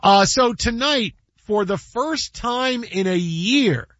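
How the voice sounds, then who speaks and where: A man hosting a casual sports talk show, telling animated stories and acting out his own quotes. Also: sits high, slow pace, no echo, lo-fi sound.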